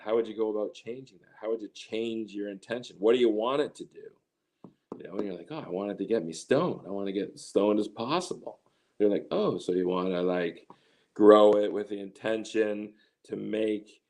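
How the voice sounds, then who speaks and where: A man's voice: on the low side, a little mellow. A middle-aged man telling a long personal story in an interview, rambling, restarting often and quoting others. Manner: rambling, with many restarts and quoted voices. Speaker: interview guest, cannabis grower. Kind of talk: casual storytelling.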